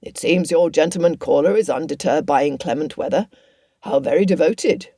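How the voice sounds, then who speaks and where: A woman narrating an audiobook takes on the part of a wry older father behind a newspaper, sounding mild, dry, and sardonic. Her voice is low-pitched and warm with vocal fry, her pace a little fast, and the recording is dry.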